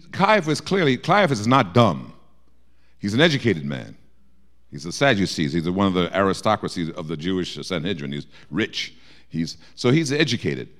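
A man leading a Bible study, his low voice rising and falling in wide swings. He acts out the quoted lines as he teaches. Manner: lively, acts out quotes with shifting voice.

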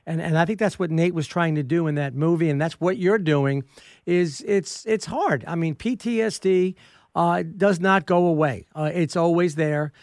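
A man's voice: on the high side, moderate pace, darkish tone, dry recording, clean studio sound. A man hosting a radio interview, sincere and stumbling a little as he asks questions. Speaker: radio host.

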